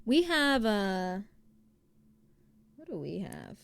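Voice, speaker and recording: Chatty and rambling, a young woman from New Jersey, USA, reads her stream viewers' messages, piling on "like"s and tangents. Her middle-pitched voice swings widely in pitch, sounds gravelly yet a bit bright, and moves slowly. It's captured close, dry and clean.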